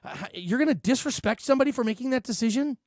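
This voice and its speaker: With a very high voice and a fast delivery, a man hosts a sports talk radio show, rambling animatedly into a studio mic. Fillers and restarts run throughout, and the recording is dry.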